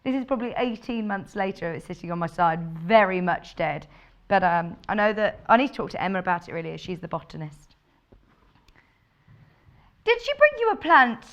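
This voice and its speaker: A woman with a low, husky voice, chatting in a bubbly way as she presents a live TV shopping show. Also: big pitch swings, normal speed, lo-fi sound. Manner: bubbly, chatty, laughs often. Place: TV studio.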